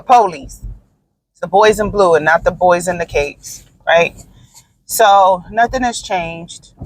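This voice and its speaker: A woman's voice: on the low side, rough recording. A woman hosting a solo podcast, talking in a blunt, profane, opinionated way with rambling asides and frequent fillers. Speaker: podcast host. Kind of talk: casual solo podcast monologue.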